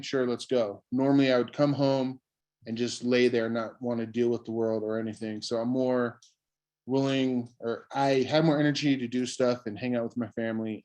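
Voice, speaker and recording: A man's voice: medium pitch, darkish tone. Laid-back man sharing his story. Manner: laid-back, halting, with many fillers. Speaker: guest sharing a testimonial. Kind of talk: casual personal testimony.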